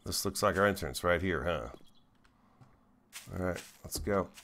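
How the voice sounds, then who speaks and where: Deep-voiced man chatting through gameplay. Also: measured pace, a bit bright, slight background noise. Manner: chatty, talks to viewers while playing. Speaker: gaming video host. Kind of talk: let's play commentary.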